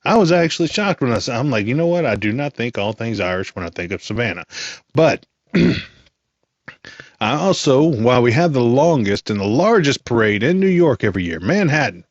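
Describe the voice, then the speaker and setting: A man talks his way through a casual solo podcast in a middle-range voice. He rambles, full of animated asides. The recording is dry and a little dull, with a lo-fi edge. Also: medium pitch, fairly quick, no room sound. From United States. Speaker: podcast host.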